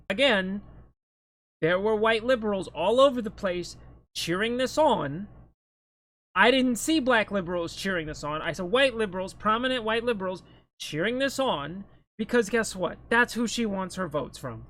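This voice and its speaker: A man's voice: high-pitched, expressive, normal speed, a bit bright. Blunt, scornful male commentator. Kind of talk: opinion commentary.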